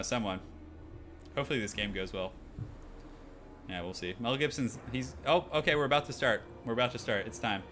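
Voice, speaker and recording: Game music plays behind a young man's casual live-stream chatter as he plays a multiplayer game. His mid-range voice is a bit bright, and he rambles cheerfully in a nasal, fake Australian accent.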